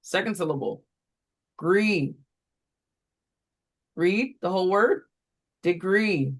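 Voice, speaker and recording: Slow steady reading tutor doing phonics drills, spells stuff out letter by letter, mid pitch. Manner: slow, deliberate call-and-response prompting; steps aside to explain in a lower, quicker voice.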